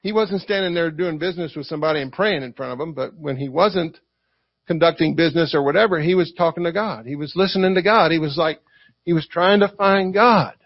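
A man with a Southern US accent preaching a lively sermon, acting out quotes and asking the congregation for responses. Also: fairly high pitch, a little fast, no echo. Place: church. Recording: dry, dull lo-fi recording.

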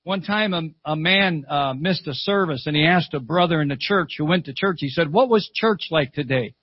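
An older male preacher delivers a sermon at a church service, spinning stories and repeating lines for emphasis. His voice sits high for a man. The recording is dull and close, with little room sound. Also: normal speed, breathy edge, dry recording. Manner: fervent storytelling preacher, repeats phrases, calls "Amen".

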